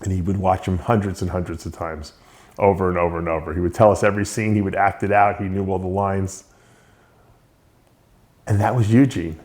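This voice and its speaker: A man's voice: low voice, level tone, brisk, long pauses, darkish tone. A male show host giving an unscripted spoken tribute to a late friend, reminiscing with frequent short laughs.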